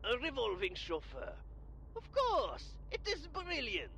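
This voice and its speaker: A gloating French-accented rival chauffeur. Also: male voice, extremely high pitch, huge pitch swings, measured pace, creaky, bright, forceful tone, exaggerated voice. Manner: theatrical, gloating, over-enunciated. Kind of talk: game cutscene acting.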